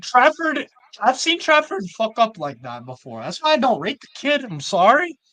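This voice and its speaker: A man co-hosting a live football watch-along, reacting with excitable exclamations in casual chat. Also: very high-pitched, normal speed.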